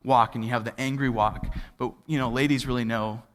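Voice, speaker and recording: A man preaching a sermon as a pastor, telling a family story in a loose, conversational way with many fillers and restarts, and falling to a near hush at the tender parts. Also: mid-range voice, fairly even intonation, a little fast. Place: church auditorium. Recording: livestreamed with long hall reverb.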